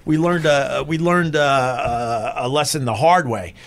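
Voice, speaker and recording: A man's voice: medium pitch, unhurried, fairly bright tone. A middle-aged man, a former radio host, telling a rambling, profane story as a guest. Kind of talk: casual storytelling.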